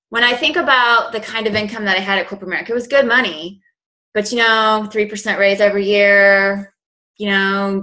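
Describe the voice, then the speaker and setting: Woman in her 40s coaching folks on a call, bright voice, talks earnest and chatty. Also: mid-range voice, poor audio. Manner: earnest, conversational, lots of "you know". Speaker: business coach.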